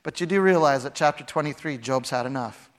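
Dramatic preaching man, slightly high voice. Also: fairly quick. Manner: dramatic, acts out voices with big swings from shouting to hushed. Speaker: pastor. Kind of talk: sermon.

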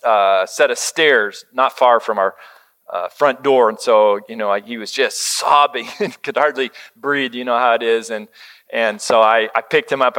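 A middle-aged man preaching a sermon, telling a family story in a conversational way and dropping to a soft hush when he quotes words of comfort. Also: mid-range voice, clear, resonant tone. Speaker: pastor.

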